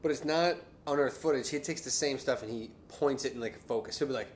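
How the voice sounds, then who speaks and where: A man's voice: mid-range voice, fast, a little hiss or hum. A man co-hosting a casual podcast in a garage, bantering with frequent laughs and self-deprecating jokes. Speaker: podcast co-host. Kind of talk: casual chat. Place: home garage.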